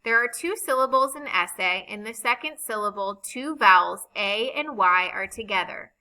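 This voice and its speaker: A woman teaching a recorded reading lesson, speaking slowly and deliberately as she spells out vowel sounds. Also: mid-range voice, lively intonation, pushed and bright, low-quality recording.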